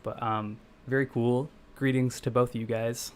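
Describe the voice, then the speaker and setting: A man's voice: medium pitch, little pitch movement, normal speed, clear, resonant tone. A young man from the Midwestern United States, chatting casually with viewers as he codes on a live stream, rambling and correcting himself as he goes. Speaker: game developer streaming live. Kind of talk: casual live-stream chat while coding.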